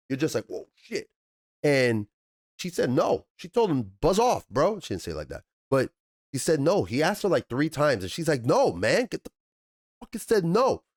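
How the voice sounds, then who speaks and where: A man of middle pitch reviews television in a heated, freewheeling rant. He swears freely and keeps leaping up into high, exasperated outbursts. His voice sits dry and close, with no room sound around it. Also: dry recording. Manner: animated, profane, swings up into high exasperated bursts. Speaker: TV review channel host. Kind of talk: ranting TV review commentary.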